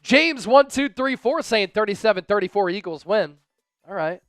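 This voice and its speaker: A man with a high, smooth, resonant voice hosts a live sports stream. He talks casually and upbeat, reading out viewer donations and game scores. The sound is dry and close. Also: expressive, moderate pace, a bit bright, dry recording. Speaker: livestream sports show host.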